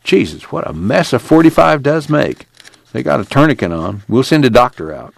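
A man voicing a gruff barking deputy boss. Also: a little high, big pitch swings, a little fast, dry recording, pitched above the performer's own voice. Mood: brusque. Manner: barking, commanding. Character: gruff armed deputy leader man, brusque and bossy.

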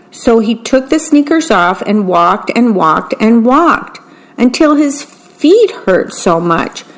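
A woman reads children's bedtime stories at a slow, gentle pace. She describes each picture as she goes, in the calm manner of a volunteer radio reader. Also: mid-range voice. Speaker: volunteer reading-service broadcaster.

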